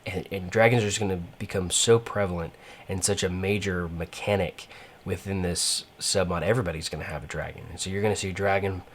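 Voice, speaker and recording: A man's voice: low-pitched, steady tone, fairly quick, slight background noise. A man giving rambling, casual gameplay commentary, full of fillers and restarts. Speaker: gaming channel host.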